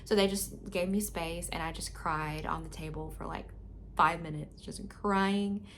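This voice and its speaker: A woman vlogger speaks straight to her audience in a candid, unguarded way, with many fillers and restarts. Her voice sits on the low side. A faint background noise runs under it. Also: steady tone, a little slow, fairly bright tone. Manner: candid, frank and emotional, with filler words. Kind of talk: casual personal storytelling to camera.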